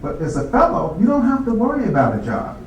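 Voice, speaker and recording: A man's voice: high voice, quick pace, lo-fi sound, slight background noise. A man telling stories from his life to an audience, acting out the voices of the people in them. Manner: acts out others' voices, animated. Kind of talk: storytelling talk. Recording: echoey hall from far off.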